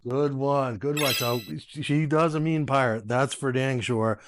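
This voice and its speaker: A man's voice: medium pitch, fairly even intonation, a little slow. Chatty man demoing smart speakers. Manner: chatty, laughs often, restarts phrases. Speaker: tech video host. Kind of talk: casual tech demo. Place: home room with smart speakers.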